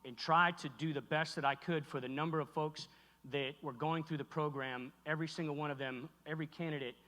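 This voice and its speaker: Middle-aged man, keynote speaker, bright and forceful tone, echoey hall, halting heartfelt delivery. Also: a little high, fairly even intonation. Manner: halting, heartfelt, many restarts. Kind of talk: emotional keynote speech. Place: large hall on stage.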